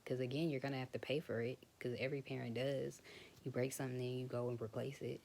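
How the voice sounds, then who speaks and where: Low creaky-voiced woman talking frankly. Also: level tone, fast talker, slight background noise. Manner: frank, conversational, drifts into soft whispers. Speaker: vlogger. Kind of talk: casual personal talk to camera.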